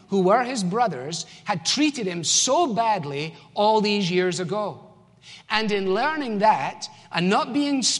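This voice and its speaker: A man's voice: high voice, fairly bright tone. A man with a Scottish accent preaching a sermon as pastor, in an emphatic, conversational way. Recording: long church hall reverb.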